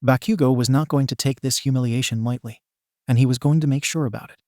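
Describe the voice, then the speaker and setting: A man's voice: mid-range voice, fairly even intonation, fast talker, darkish tone, no room sound, clean studio sound. A man narrating a comic story in a wry, playful way.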